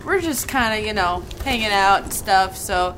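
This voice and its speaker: A woman's voice: mid-range voice, animated, moderate pace, a bit bright, slight background noise, close to an everyday voice. A woman playing a chatty, overly friendly young partygoer.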